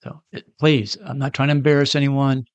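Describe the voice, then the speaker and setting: A man's voice: mid-range voice, level tone, fairly quick, clear, resonant tone, no echo. A man preaching, telling a story in a conversational way and acting out the voices of the people in it. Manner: conversational, acts out quoted voices. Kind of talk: sermon storytelling.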